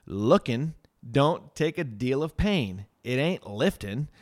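A man voicing a rustic male lay preacher, plain and earnest, with an emphatic, drawn-out preaching delivery. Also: mid-range voice, animated, voice pushed up.

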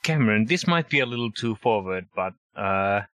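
A man's voice: on the low side, lively intonation, moderate pace, sharp tone, no room sound. A man playing a tabletop role-playing game, asking another character a question in a hesitant, careful way.

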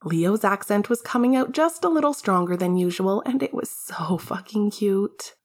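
Woman, fan fiction narration, wry and casual, breathy tone. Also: mid-range voice, expressive, moderate pace. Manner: wry, casual, swears freely. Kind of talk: fan fiction audiobook reading.

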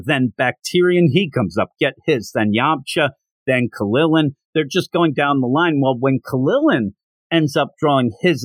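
A man hosting a podcast, casually retelling a comic chapter with amused asides and quick voice impressions. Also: mid-range voice, dry recording. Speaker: podcast host. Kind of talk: casual manga recap.

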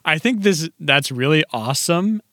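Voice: medium pitch, expressive, normal speed, a bit bright. A podcast co-host chimes in with short reactions and dry quips. The voice rises and falls a lot, and the sound is dry and close with no room echo. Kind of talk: casual chat.

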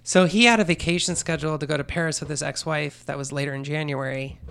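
Gravelly casual storyteller man. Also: fairly high pitch, steady tone, quick pace, a bit bright. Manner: conversational, acts out quoted lines, swears freely. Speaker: podcast co-host telling a story.

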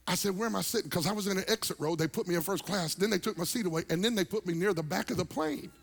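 Gravelly, animated preacher man. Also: sits high, fast. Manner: animated, comedic storytelling, swings loud and soft. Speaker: pastor. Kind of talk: storytelling sermon.

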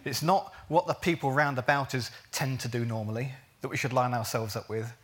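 A man's voice: medium pitch, steady tone, fairly quick, fairly bright tone. A man preaching a sermon, earnest but jokey, drawing words out for emphasis.

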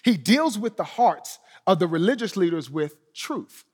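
High-voiced preacher in an echoing hall. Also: male voice, big pitch swings, moderate pace, husky. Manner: emphatic preaching, repeats key phrases, drops to soft low endings. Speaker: pastor. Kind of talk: sermon.

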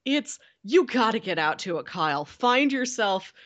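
Animated woman co-hosting a podcast. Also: fairly high pitch, measured pace, highs cut off. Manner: animated storyteller, enthusiastic. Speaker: podcast co-host. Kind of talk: casual chat.

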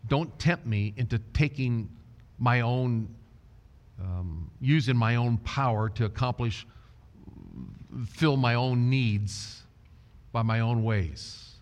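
A man preaching a sermon, speaking in a slow, deliberate way and quoting scripture. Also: mid-range voice, a little mellow, in a large hall. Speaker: pastor.

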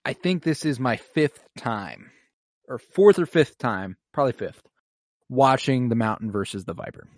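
A man's voice: mid-range voice, lively intonation, moderate pace, dry recording, clean studio sound. A man co-hosting a TV rewatch podcast, chatting casually, swearing freely and acting out characters' lines. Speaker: podcast co-host recapping an episode. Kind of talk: casual chat.

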